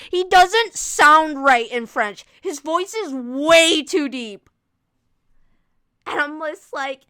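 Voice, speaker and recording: A woman livestreaming in casual chat, answering viewers' questions and gushing like an excitable fangirl. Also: sits high, slow pace, no room sound.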